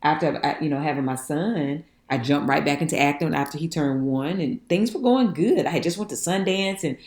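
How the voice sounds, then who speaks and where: Low-voiced woman telling stories. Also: fairly quick. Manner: folksy, animated, laughing often, endearments like honey and child. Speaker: guest. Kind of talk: storytelling interview. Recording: echoey room.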